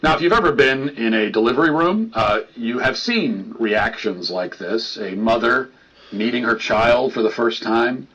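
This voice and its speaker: Male narrator, husky, dry critical read, muffled playback audio. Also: mid-range voice, lively intonation, moderate pace, a bit bright, faint music behind. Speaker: video essay narrator. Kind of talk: scripted commentary narration.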